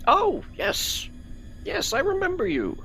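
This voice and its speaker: A fussy male tiefling clerk with a sharply raised, chirpy voice, full of polite hesitations, as a game master puts him on. He sounds lively and up and down in pitch, with faint music under the tabletop game. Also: exaggerated voice. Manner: chirpy, halting bureaucratic politeness.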